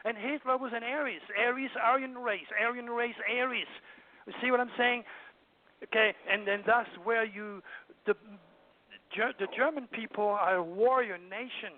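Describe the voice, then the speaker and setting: A man's voice: very high-pitched, steady tone, moderate pace. An older man from France with a French accent, speaking as an astrologer guest on a radio call-in show, lecturing emphatically and rambling with plenty of fillers. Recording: dry, tinny phone line.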